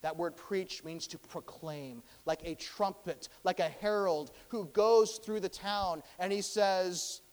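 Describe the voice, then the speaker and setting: A man with a fairly high voice delivers a sermon from the pulpit. He is emphatic and moves between loud proclaiming and quiet passages. A long reverb rings through the church hall around him. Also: slow pace, few pauses. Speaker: pastor. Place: church sanctuary.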